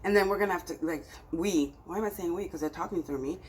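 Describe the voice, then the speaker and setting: A woman's voice: fairly low pitch, fast, darkish tone, rough recording. A woman giving a spiritual tarot reading to her viewers, talking in an emphatic, scolding way that swings between exasperation and pleading. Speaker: tarot reader.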